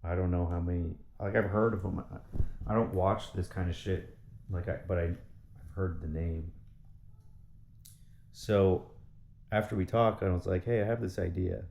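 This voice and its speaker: A man's voice: deep voice, steady tone, measured pace, gravelly, long pauses, a little mellow, echoey room. A man talking in a casual monologue, rambling and swearing as he rants in frustration. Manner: rambling, profane, frustrated ranting. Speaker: vlogger.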